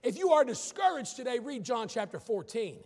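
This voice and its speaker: A man preaching a sermon as a pastor, building from calm teaching to emphatic, shouted declarations. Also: very high-pitched, brisk, in a large hall. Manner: preaching with rising emphatic outbursts.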